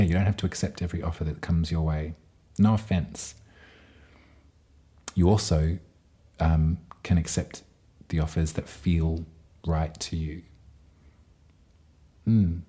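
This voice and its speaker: A man giving a gentle, meandering tarot and astrology reading to his viewers. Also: sits low. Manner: gentle, meandering, with frequent fillers. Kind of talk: casual tarot reading to camera.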